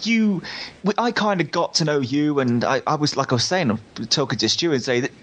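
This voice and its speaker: Animated teasing male co-host. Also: fairly high pitch, brisk. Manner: lively storyteller, teasing. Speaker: podcast co-host. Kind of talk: casual podcast interview.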